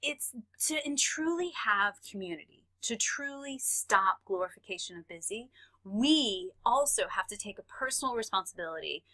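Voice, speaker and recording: A woman's voice: mid-range voice, moderate pace. A woman from Texas with a Texan accent, telling stories in a casual podcast conversation and laughing often. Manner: animated storyteller, laughs often. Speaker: podcast guest.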